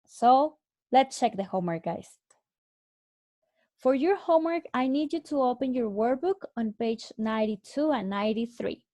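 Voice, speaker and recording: A woman teaching an English lesson, explaining answers slowly and clearly with repeated examples. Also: on the high side, animated, mellow, no room sound. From Mexico. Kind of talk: recorded online English lesson.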